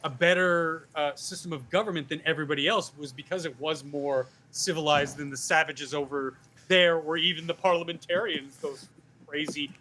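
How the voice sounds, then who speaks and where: A man with a fairly high, bright and forceful voice, talking loosely as a panelist. He rambles through restarts and swears freely in a casual, animated way. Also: normal speed, a little hiss or hum.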